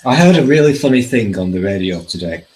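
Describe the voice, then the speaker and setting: Low-voiced jokey male talk-show host. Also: lively intonation, fast talker, a little mellow, rough recording. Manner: jokey, laughs often. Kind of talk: casual political chat.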